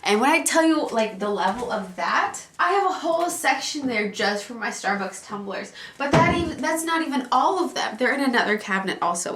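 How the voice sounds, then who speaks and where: A woman vlogger chatting casually to viewers at home, animated and ranting about a pet peeve. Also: on the high side. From Alaska. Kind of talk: casual vlog chat. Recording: echoey room.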